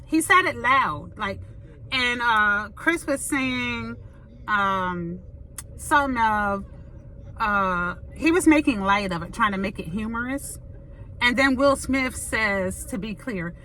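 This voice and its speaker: A woman hosting an opinion commentary, talking bluntly and emphatically, often pausing to ask "okay?". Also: on the high side, lively intonation, sharp tone, slight background noise, low-quality recording. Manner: blunt, emphatic, repeats "okay?" to drive points. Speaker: commentary host.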